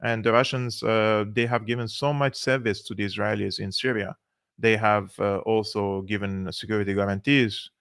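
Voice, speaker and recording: Low-voiced male political commentator, dry sound. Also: fairly even intonation, normal speed, creaky, fairly bright tone, smooth, no echo. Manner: chatty, sarcastic, many fillers. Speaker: political commentator, channel host. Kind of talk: casual commentary on played clips.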